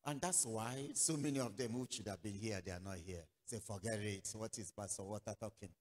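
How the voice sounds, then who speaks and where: A man from Nigeria preaching a sermon as pastor, telling a story with acted-out dialogue and sudden loud outbursts. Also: fairly low pitch, brisk. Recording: long reverberant hall.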